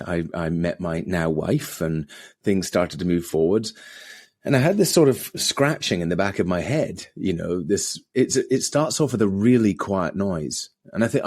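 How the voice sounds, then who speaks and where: A middle-aged man, a podcast guest, telling his story in a relaxed conversational way and acting out quoted voices. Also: no echo, clean studio sound. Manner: acts out quoted voices with big pitch jumps.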